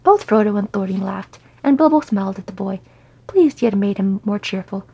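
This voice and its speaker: A woman reading a fan fiction audiobook in a soft, intimate storytelling manner. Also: medium pitch, lively intonation, fairly quick, vocal fry, husky, rough recording. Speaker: reader.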